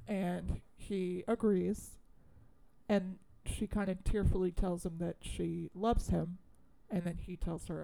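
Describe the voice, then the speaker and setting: A woman's voice: lowish voice, level tone, slow pace, vocal fry, dark tone. A woman co-hosting a casual chat, retelling a movie scene by scene with quoted lines and laughter. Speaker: podcast co-host.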